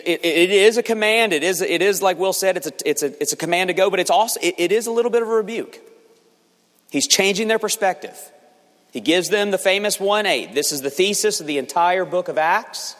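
Preaching man in a reverberant hall. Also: a bit bright. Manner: earnest preaching, rising in pitch and force for emphasis, with repeated restarts. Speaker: pastor. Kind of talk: sermon. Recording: long reverb of a large hall.

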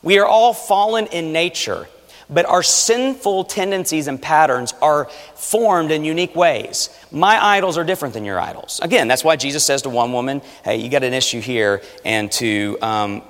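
A man preaching a sermon, animated, swinging between loud urging and hushed asides. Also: a little high, normal speed. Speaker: pastor. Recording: long reverb of a large hall. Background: audience.

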